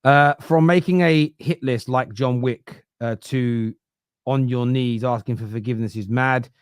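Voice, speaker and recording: Southern English male host, mid-pitched, argumentative, dry close sound. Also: fairly even intonation, unhurried, smooth, no echo. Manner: argumentative, explains at length. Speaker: football podcast host. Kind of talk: casual debate.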